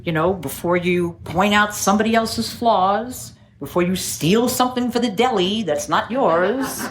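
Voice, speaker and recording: Middle-aged New woman, recovery meeting speaker, wry self-mocking storyteller, laughs easily, medium pitch. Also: measured pace. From New York City.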